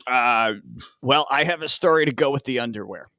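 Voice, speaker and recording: A man's voice: mid-range voice, brisk, pushed and bright, no echo. A man from Northern Illinois, in his thirties, co-hosting a podcast with casual, profane, self-mocking jokes. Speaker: podcast co-host.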